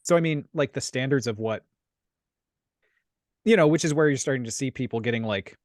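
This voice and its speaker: Male podcast co-host, mid-pitch voice, dry close sound, loose rambling delivery. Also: a little fast, no echo. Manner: rambling, many restarts and laughs. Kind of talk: casual chat.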